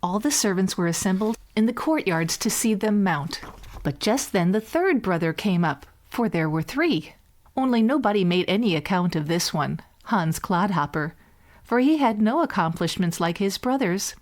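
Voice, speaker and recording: A woman reading a fairy tale aloud as a bedtime story, in a measured, gentle way. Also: mid-range voice, lively intonation.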